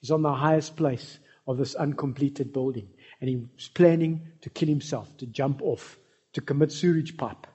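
A man's voice: medium pitch, normal speed, warm tone, slightly rough. A man preaching a sermon, telling stories and speaking directly to the congregation. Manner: storytelling, addresses the congregation directly.

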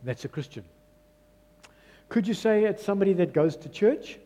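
A man's voice: high-pitched, lively intonation, moderate pace, mellow, big-room sound, dull audio. A man preaching a sermon in a church, emphatic and repeating his key phrases. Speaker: pastor.

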